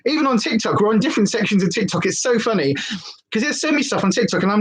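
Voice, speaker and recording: A woman's voice: medium pitch, animated, fast, breathy edge. A woman vlogger rambling candidly in a casual live-stream chat.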